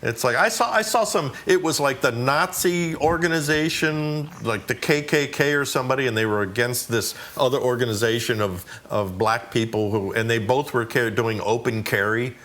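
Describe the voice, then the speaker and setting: Man, relaxed podcast co-host who chuckles a lot between points. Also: mid-range voice, normal speed, hardly any pauses. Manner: easygoing, laughs often. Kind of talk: casual podcast chat.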